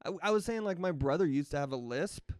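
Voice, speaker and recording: A man's voice: on the high side, expressive, fast, clean tone, no room sound, clean studio sound. A man co-hosting a comedy podcast, telling rambling stories full of profanity in casual banter. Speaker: podcast co-host.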